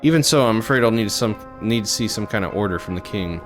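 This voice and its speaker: A man voicing a prim female clerk with a formal, politely flustered manner, music playing clearly behind. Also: fairly low pitch, expressive, fast talker, close to an everyday voice. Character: prim female clerk guarding a doctor's office.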